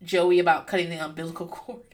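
A young woman hosting a podcast, telling a story in a casual, profane, animated way and laughing often. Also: lowish voice, brisk. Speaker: podcast host. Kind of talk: casual comedic recap.

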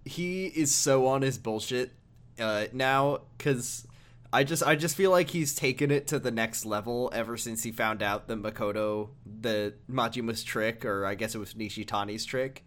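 A man's voice: mid-range voice, moderate pace, fairly bright tone. Guy cohosting a podcast, jokey, laughs a lot, lots of ums. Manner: jokey, laughs often, many fillers. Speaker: podcast co-host. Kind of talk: casual podcast chat.

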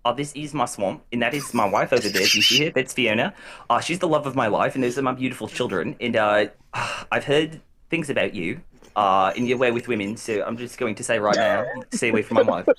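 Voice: mid-range voice, brisk, a loud crowd, pitched below the performer's own voice, lightly acted. Shrek, an improviser putting on a New Zealand ogre. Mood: possessive. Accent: New Zealand, put on. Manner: possessive, mock-stern, rambling. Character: Shrek as a bossy, territorial ogre. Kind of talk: improv comedy sketch.

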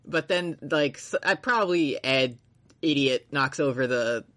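A man's voice: mid-range voice, unhurried, a bit bright. Rambling, swearing casual male podcaster. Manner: rambling, swears freely, laughs often, acts out characters' lines. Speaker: podcast co-host. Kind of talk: casual anime recap chat.

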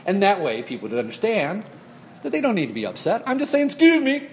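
Animated high-voiced man telling a story. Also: fast, a little hiss or hum. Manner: animated, acts out exclamations. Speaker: person pitching an idea to a group. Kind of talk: casual comedic storytelling.

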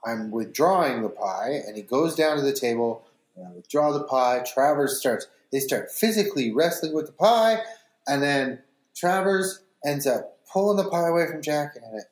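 A man's voice: on the high side, expressive, normal speed. A man co-hosting a podcast, recapping a plot in casual chat. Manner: recapping a plot, acting out characters' lines. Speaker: podcast co-host. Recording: roomy echo.

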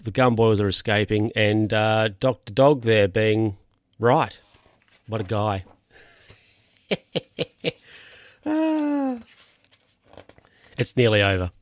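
A man's voice: on the low side, dry recording, clean studio sound. A man reading a children's picture book aloud, breaking off for wry, amused asides. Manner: amused, ad-libbing wry comments. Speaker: reader.

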